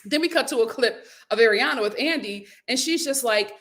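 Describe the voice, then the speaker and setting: Bright-voiced animated woman vlogger. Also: a little high, fairly quick, hardly any pauses. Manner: animated, opinionated, laughs often. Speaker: reality TV recap host. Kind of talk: casual commentary vlog.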